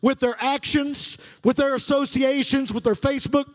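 A man's voice: very high-pitched, steady tone, moderate pace. A middle-aged male pastor delivering a sermon with fervent call-and-response preaching in a church sanctuary. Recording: long reverb of a large hall.

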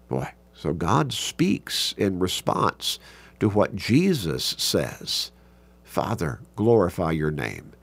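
A man teaching a Bible class, reading scripture aloud and explaining it slowly, stretching key words for emphasis. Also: lowish voice, vocal fry, husky, no room sound.

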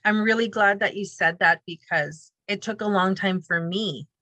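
A woman's voice: mid-range voice, moderate pace, dry recording. Encouraging woman host, dry sound. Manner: warm, encouraging, affirming. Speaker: podcast host. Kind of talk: interview conversation.

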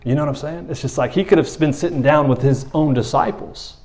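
A man preaching in a loose, conversational way, often checking in with his listeners and dropping to a quiet voice for emphasis. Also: a little high, fairly quick. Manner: conversational, often asks 'you know what I'm saying', drops soft for emphasis. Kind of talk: informal sermon.

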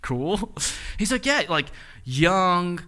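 A man's voice: high-pitched, big pitch swings, drawn-out words, bright, forceful tone. A young man in his twenties, a pastor preaching a sermon and telling a story with quoted dialogue. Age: 20s.

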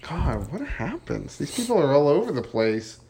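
Lively, giggly man co-hosting a podcast. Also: on the high side, normal speed, vocal fry. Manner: animated, giggly, playful. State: has hiccups. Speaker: podcast co-host. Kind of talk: casual chat recapping a film.

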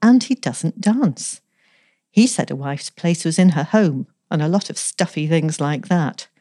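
A woman's voice: sits low, expressive, measured pace, dark tone, dry recording, clean studio sound. A woman voicing a tearful, petulant young office girl who pleads and whines. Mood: wailing. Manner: whiny, pleading, breathless.

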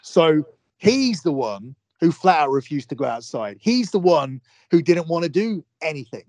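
A man's voice: on the high side, big pitch swings, normal speed, a little mellow, no echo. Young man, guest on a podcast. Emphatic, profane, repeats himself for force. Dry recording. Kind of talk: heated casual chat.

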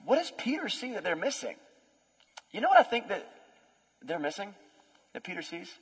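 Lively high-voiced man preaching in a hall. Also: moderate pace, breathy edge. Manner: lively, conversational storytelling with playful voices. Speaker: pastor. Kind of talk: sermon. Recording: long hall reverb.

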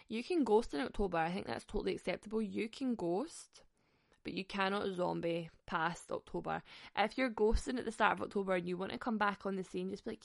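Sweary chatty woman with a gravelly voice. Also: medium pitch, lively intonation, brisk, dry recording, clean studio sound. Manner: sweary, chatty, laughs often. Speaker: podcast host. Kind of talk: casual storytelling chat.

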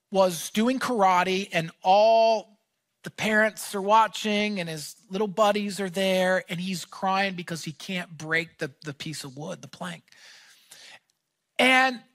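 A man preaching a sermon as pastor, talking in a casual, animated way that rises to shouts. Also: high voice, no echo.

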